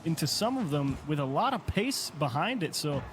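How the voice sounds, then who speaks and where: Male esports commentator, energetic play-by-play, noisy broadcast feed. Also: a little high, normal speed.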